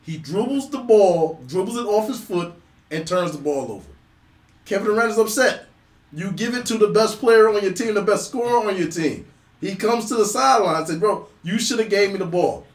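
A man with a high voice retelling a locker-room clash with insistence and plenty of profanity. His voice rings in an echoey room. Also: expressive, moderate pace. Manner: insistent storyteller, swears freely. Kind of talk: casual sports debate.

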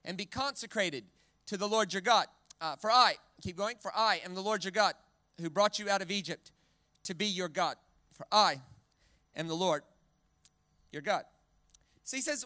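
A man's voice: sits high, moderate pace, long pauses, dry recording. A man preaching a sermon, who leads the crowd in repeating words and often restarts his phrases. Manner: animated, leads the crowd in call-and-response repetition. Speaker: guest preacher.

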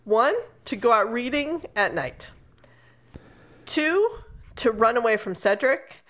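A woman co-hosting a casual book chat, sarcastic and animated, swearing freely as she rants about a novel. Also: fairly high pitch, takes it slowly. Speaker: book podcast co-host.

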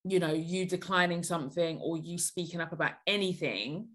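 A woman's voice: fairly low pitch, normal speed, a bit bright. A woman hosting a podcast, giving blunt, emphatic advice in casual chat.

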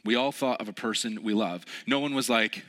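A young man preaching a relaxed, conversational sermon, telling stories with lots of fillers. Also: on the low side, fairly quick. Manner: casual, storytelling, many fillers. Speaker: pastor.

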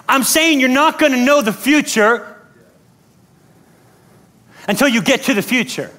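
High, lively-voiced male preacher. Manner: energetic, blunt, playful preaching with quoted voices. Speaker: pastor. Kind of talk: sermon.

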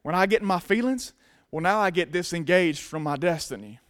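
Speaking directly to his congregation, this pastor preaches a sermon in a casual yet emphatic manner. For a man his voice is pitched very high; it is expressive, fairly quick and somewhat bright.

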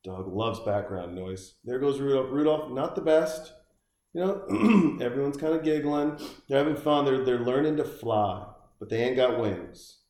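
A man's voice: medium pitch, unhurried, a little mellow, echoey room. A man riffing on a movie in profane comedic commentary, ranting with crude outbursts. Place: home room with a dog running around.

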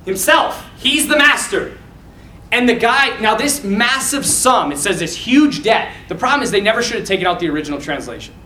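Casting note: man with a high, bright voice, animated preacher to young men, echoey room from far off. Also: moderate pace, slight background noise. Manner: animated, casual, quotes scenes with feeling. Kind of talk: informal talk to young men.

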